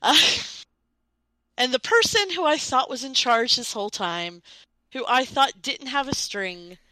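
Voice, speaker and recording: A woman's voice: sits high, lively intonation, measured pace, sharp tone, no room sound, low-quality recording. A woman telling a rambling, self-mocking story in a casual chat.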